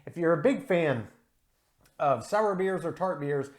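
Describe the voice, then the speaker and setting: A man's voice: on the high side, animated, unhurried. A man giving a casual solo beer review, enthusiastic and descriptive, with frequent ums and uhs.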